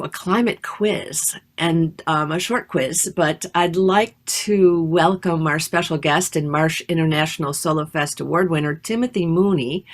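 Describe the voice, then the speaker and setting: A woman hosts an online live show in a notably low, deep voice. She speaks in an upbeat, chatty way, full of ums and uhs. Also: gravelly. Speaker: host.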